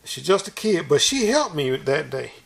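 A man's voice: on the high side, very animated, moderate pace, creaky, fairly bright tone. A man preaching a sermon in an earnest, folksy, repetitive way, restarting his phrases often.

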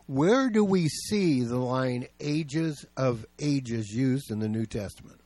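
A man's voice: medium pitch, expressive, unhurried, hardly any pauses, mellow, dry recording. A male pastor preaching a sermon, telling stories in a plain, conversational way.

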